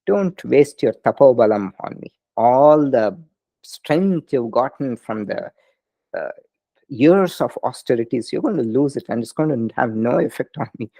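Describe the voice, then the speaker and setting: A man voicing a calm, patient divine male king who explains gently. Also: medium pitch, a little slow, vocal fry, no room sound. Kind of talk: storytelling in a lecture.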